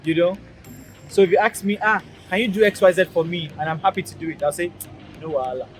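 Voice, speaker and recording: This pidgin teacher speaks with a Nigerian accent in a high-pitched voice and talks fast, with slight background noise. Hosting his channel's casual lesson outdoors beside a busy road, he's upbeat and emphatic and repeats phrases patiently.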